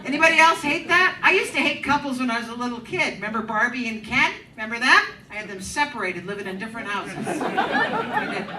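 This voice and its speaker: A woman's voice: fairly high pitch, big pitch swings, brisk, bright, forceful tone. A middle-aged woman performing a crude, teasing stand-up set in a comedy club, working the crowd. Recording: echoey club from a distance, crowd. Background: audience laughter.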